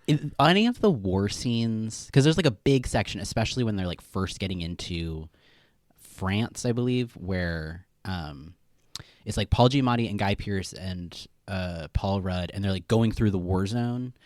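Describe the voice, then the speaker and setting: A man's voice: lowish voice, animated, measured pace, dry recording, clean studio sound. A man co-hosting a podcast, rambling casually about movies and acting out lines. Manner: rambling, fillers, acts out quotes. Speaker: podcast co-host. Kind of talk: casual film discussion.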